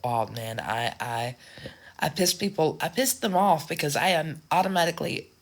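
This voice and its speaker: A woman's voice: low-pitched, animated, normal speed. A woman from the United States talking frankly and ramblingly in a casual vlog. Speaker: social media creator.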